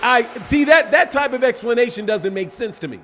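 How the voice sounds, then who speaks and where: A man's voice: very high-pitched, fairly quick. A man hosting a boxing live stream, reading viewer chats and arguing his point with a string of rhetorical questions. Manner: animated, argumentative, asks repeated rhetorical questions. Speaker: boxing channel host.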